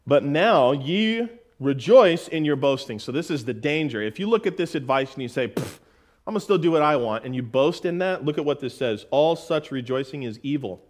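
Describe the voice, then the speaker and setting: A middle-aged man preaching a sermon in a folksy way, calling listeners "folks" and reading scripture slowly and with emphasis. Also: fairly high pitch. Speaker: pastor.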